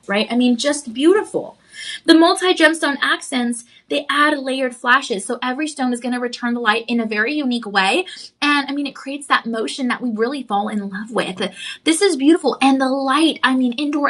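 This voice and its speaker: A woman's voice: sits high, a bit bright. Gushing woman hosting a jewelry sale. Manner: gushing, chatty, addresses viewers as friends. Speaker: shopping channel host. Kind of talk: live jewelry sales pitch.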